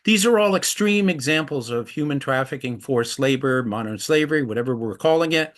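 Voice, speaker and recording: Brisk and animated, with a medium pitch, a middle-aged man speaks earnestly as an anti-trafficking activist. His presentation is built on stories, and he acts out the quoted voices within them.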